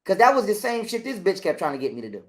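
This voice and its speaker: This interview guest is a man with a high-pitched, fast delivery. Chatting casually, he tells a story laced with profanity and animatedly acts out what other people said.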